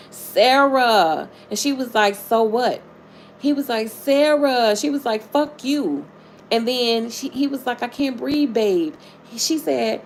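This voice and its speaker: A woman's voice: on the high side, creaky, darkish tone, a little hiss or hum. A woman hosting a live stream, talking casually and animatedly to her viewers, greeting them by name and retelling a true-crime case with plenty of swearing.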